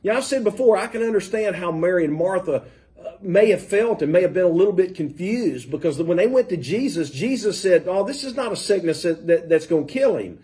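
Guy preaching, kinda high voice but mellow, lots of uhs and restarts. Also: lively intonation, brisk. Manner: conversational preaching with frequent fillers and restarts. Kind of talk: sermon.

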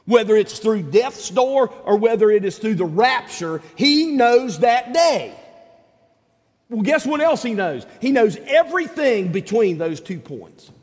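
A middle-aged pastor with a notably high voice delivers a folksy, animated sermon. His voice rings out with a long hall reverb, and his speech sometimes climbs into shouts. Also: a little slow.

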